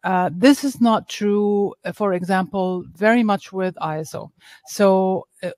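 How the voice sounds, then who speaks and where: A woman speaking on a webinar panel, giving measured, explanatory answers with frequent hesitations over a video call. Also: medium pitch, a little mellow, no room sound. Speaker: laboratory quality expert on a panel.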